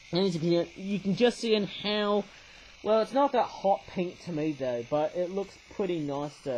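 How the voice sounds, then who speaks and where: High-voiced rambling man reviewing toys. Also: darkish tone, low-quality recording. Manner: rambling, tags remarks with "I suppose, eh?"; hesitant, many fillers and restarts. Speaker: toy reviewer. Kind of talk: casual toy review talk.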